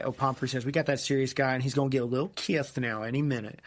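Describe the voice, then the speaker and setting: A man co-hosting a relaxed podcast, chatting about a book. His voice sits in a mid range, and he keeps dropping into quick, goofy character voices as he retells scenes. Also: mid-range voice. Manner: animated, acts out quoted characters in silly voices. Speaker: podcast co-host. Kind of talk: casual book discussion.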